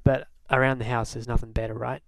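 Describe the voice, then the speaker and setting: A man's voice: medium pitch, quick pace, creaky, no echo. Chatty male vlogger, dry sound. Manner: relaxed, chatty, lots of fillers. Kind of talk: casual chat to camera.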